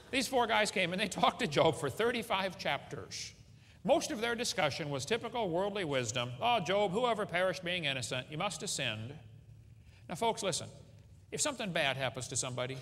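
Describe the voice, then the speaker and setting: Man, middle-aged, folksy joking preacher, animated pitch, long hall echo. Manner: folksy, joking, asks the audience questions. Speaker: creationist speaker. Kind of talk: humorous seminar preaching to a live audience. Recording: hall reverb with faint ambience.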